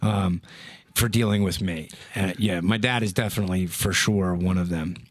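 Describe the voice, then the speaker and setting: A podcast host with a low, steady voice tells crude stories at a normal speed in a casual, profane chat. He laughs through his own tales, swears heavily, and keeps leaning on "dude" and "right?".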